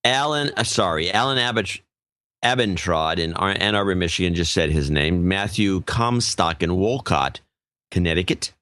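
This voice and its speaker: A man's voice: deep voice, expressive, moderate pace, pushed and bright, no echo. A male podcast co-host in casual chat, reading out donor names in an offhand way and stumbling over some of them.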